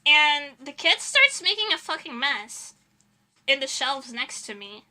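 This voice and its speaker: Young woman streamer rambling through a story, high voice, super bright and sharp. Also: big pitch swings, measured pace. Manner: chatty storytelling, laughing often, dramatic retellings. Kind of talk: casual chat while doing nail art.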